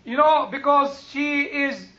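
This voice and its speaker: Man, Bible teacher; very high, bright voice, slow delivery, dull lo-fi recording. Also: fairly even intonation. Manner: slow, searching for English words. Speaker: Bible lecturer. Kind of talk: informal Bible talk. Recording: dull lo-fi sound.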